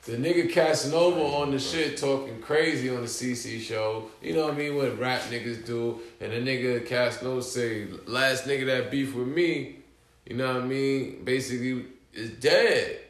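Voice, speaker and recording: A man hosting a podcast, telling stories in a casual, slangy, animated way with many asides. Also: mid-range voice, moderate pace. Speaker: podcast host. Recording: roomy echo.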